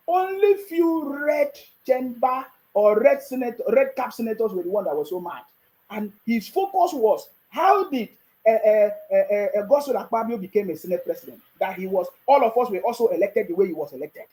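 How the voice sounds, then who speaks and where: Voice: mid-range voice, expressive, normal speed, dark tone, low-quality recording. Nigerian accent vlogger doing politics talk, mocking, lots of rhetorical questions and little laughs, keeps asking if you get it. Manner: mocking rhetorical questions, frequent chuckling asides; keeps checking in with the listener. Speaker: political commentator. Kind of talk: political commentary vlog.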